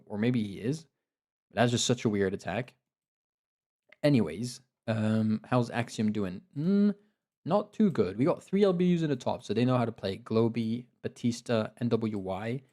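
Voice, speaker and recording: A man commentates a live online strategy match in an excitable, chatty way, often laughing and cheering players on. His voice has a dark, mellow tone and a slightly tired edge. He sounds like he is talking into a desktop mic. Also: mid-range voice. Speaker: game commentator and league host.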